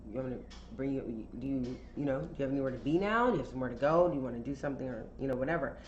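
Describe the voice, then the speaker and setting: A woman's voice: rumbling low, racing, roomy sound, highs cut off, slight background noise, pitched below the performer's own voice. A woman quoting a polite, eager artsy man. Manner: courteous and eager.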